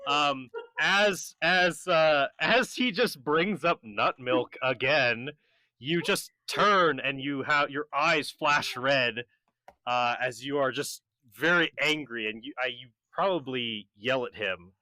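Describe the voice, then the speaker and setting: A man running a tabletop game as game master, halting with many ums and uhs and often laughing. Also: mid-range voice, bright, forceful tone, no room sound.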